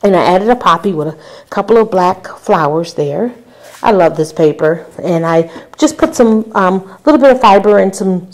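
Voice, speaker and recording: A woman with a fairly low voice talks through her handmade album in a relaxed show-and-tell. She is chatty, fills pauses with ums, and turns aside to speak to her viewers. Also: rough recording. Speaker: crafter showing a handmade album. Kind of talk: casual show-and-tell tutorial.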